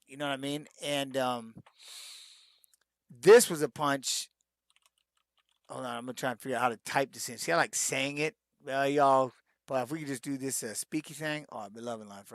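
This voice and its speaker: A man's voice: a little high, fairly bright tone, no echo. A middle-aged man, a retired fighter, answering fan questions in a casual live-stream Q&A, rambling with many restarts and fillers.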